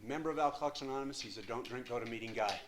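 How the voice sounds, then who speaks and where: Older man, 60s, emphatic recovery share, mid pitch, hushed to loud, profane. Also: rapid-fire, slight background noise. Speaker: speaker at a recovery meeting.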